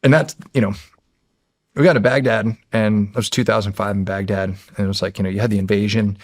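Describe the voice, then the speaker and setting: A middle-aged man from the United States, a former Navy SEAL, telling stories as a podcast guest in a loose, animated way with many fillers and restarts. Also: on the low side, fairly quick, no echo, clean studio sound. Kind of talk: casual storytelling.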